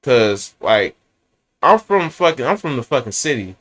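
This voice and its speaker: A young man with a San Francisco Bay Area accent goes on an animated, profane, rambling rant about his boss. His voice is medium in pitch and a little slow.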